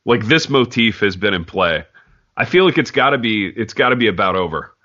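A man's voice: lowish voice, lively intonation, a little fast, bright, forceful tone, lo-fi sound. A man hosting a casual podcast, bantering and teasing his co-hosts. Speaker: podcast host.

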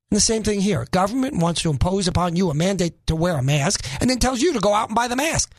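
A man's voice: sits high, expressive, fast talker, few pauses, no echo. A middle-aged man from the Northeast US fills in as a talk radio host, voice swinging up and down as he fires off sarcastic rhetorical questions. The sound is dry and close, with no room around it. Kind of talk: opinionated talk radio monologue.

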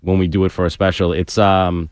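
A man's voice: sits low, smooth, no room sound. A man, a sandwich shop owner, chatting in an easygoing way as a studio guest. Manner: fast, relaxed, easygoing talk. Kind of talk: casual chat.

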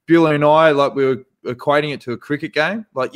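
A man's voice: on the high side, fairly quick, hardly any pauses, clear, resonant tone. A man co-hosting a casual podcast. He tells stories with lots of energy and acts out the quotes in them. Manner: animated storyteller who acts out quotes. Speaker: podcast co-host. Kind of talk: casual banter.

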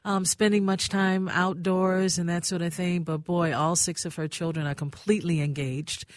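A woman's voice: lowish voice, fairly even intonation, normal speed, dry recording, clean studio sound. An older woman hosting a call-in radio show, affectionate with callers and calling them honey. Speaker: radio host. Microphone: studio mic.

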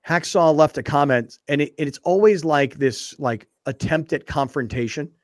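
Sports radio host, male, lively and a bit higher voice, dry studio sound, cast as a chatty teasing talker. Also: moderate pace, no room sound. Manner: animated, mocking, shifts into impressions. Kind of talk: casual sports talk.

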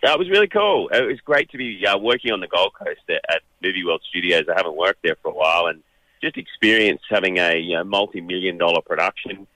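A middle-aged Australian actor chatting as a radio guest, telling stories in an animated way with quick restarts. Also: male voice, deep voice, no echo, rough recording.

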